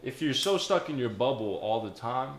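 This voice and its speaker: A man's voice: medium pitch, expressive, moderate pace. A man hosting a podcast, talking in a laid-back, reflective, easygoing casual chat. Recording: roomy room.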